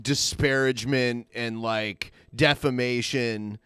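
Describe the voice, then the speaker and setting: A man hosting a podcast, talking in a hesitant, halting way during a casual discussion. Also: mid-range voice, steady tone, a bit bright, smooth, no echo, clean studio sound. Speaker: host.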